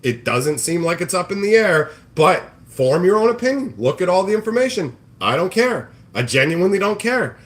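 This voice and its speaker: A man's voice: high-pitched, big pitch swings, moderate pace, hardly any pauses. A man ranting on a casual livestream, sarcastic and profane, mocking people in put-on voices. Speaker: livestream host. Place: home kitchen, cooking bacon.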